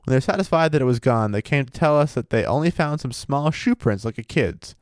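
A man's voice: medium pitch, lively intonation, brisk, dry recording, clean studio sound. A man co-hosting a casual podcast, reading a paranormal story aloud and joking around with a loose, profane manner. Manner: laid-back, profane, laughs often. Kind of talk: casual chat with read-aloud passages.

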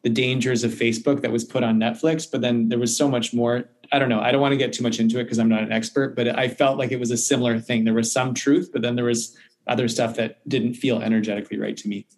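A man's voice: medium pitch, little pitch movement, fast talker, darkish tone. A man hosting a podcast conversation, offering brief agreement and hesitant opinions. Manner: brief backchannels, hesitant when sharing views. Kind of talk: casual interview talk.

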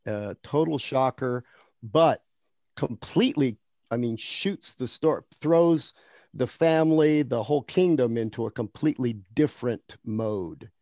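Gravelly man thinking aloud. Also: medium pitch, mellow, no room sound. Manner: hesitant, many ums, thinks aloud. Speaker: podcast co-host. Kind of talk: casual podcast chat.

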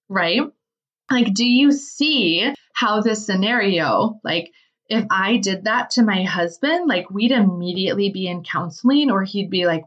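A business owner and money mindset speaker gives a casual motivational talk about money, chatty and peppered with "like" and "right?" asides. Her voice is medium-pitched, measured and a bit bright, recorded slightly distant with dull lo-fi sound.

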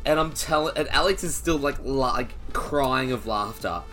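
A man's voice: mid-range voice, normal speed, sharp tone, soft background music. A young man, co-hosting a podcast and telling a rambling, slangy festival story in casual chat. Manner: laid-back, rambling, slangy. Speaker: podcast co-host.

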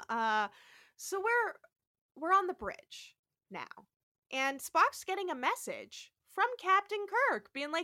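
A woman co-hosts a podcast, retelling the plot in lively, cheeky casual chat. Her voice sits high and sounds bright and forward. The recording is close and very dry. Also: slow, no room sound. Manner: animated, playfully profane storytelling. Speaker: podcast co-host. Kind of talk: casual episode recap chat.

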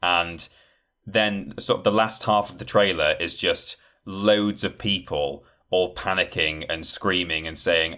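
A man's voice: deep voice, steady tone, unhurried, pushed and bright, smooth. A man in casual podcast chat, rambling with many fillers and acting out quoted lines. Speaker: podcast guest discussing game trailers.

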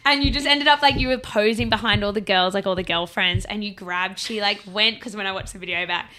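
A woman's voice: medium pitch, a little fast. A woman, telling a story animatedly in casual chat, full of "like". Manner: animated storyteller, heavy use of "like", laughs often.

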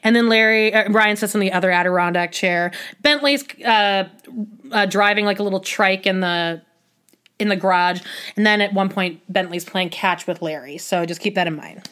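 A woman's voice: medium pitch, fairly even intonation, moderate pace, a bit bright, clear, resonant tone. Rambling chatty woman podcast host. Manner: rambling, heavy on filler words and restarts, wry asides. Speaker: podcast host recapping a reality show. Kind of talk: casual chatty solo recap.

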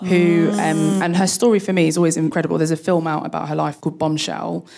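A woman guest on a live panel, explaining her work with girls in tech, quick and enthusiastic. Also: low-pitched, flat delivery, creaky, crowd noise. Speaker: guest, tech educator running girls' coding events.

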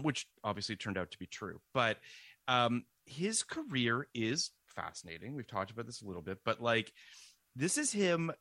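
A man co-hosting a podcast, leading the discussion. His voice is bright and his pitch lively. The sound is dry and close to the mic. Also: no echo. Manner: animated, halting with fillers, steering the discussion. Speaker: podcast co-host. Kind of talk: casual podcast chat.

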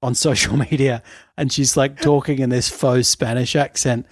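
A podcast co-host recounts a story in relaxed conversation, laughing often and leaning on fillers throughout. He has a medium pitch, fairly even intonation, and a moderate pace, captured in a dry, studio-quality recording.

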